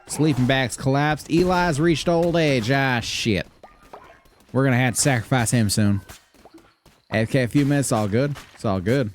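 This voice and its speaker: A young man from Michigan, raised largely in the US South, chats casually while streaming a game, putting on a Southern drawl and swearing freely. His mid-range voice moves at normal speed, laid-back and chatty, with a little hiss or hum in the background.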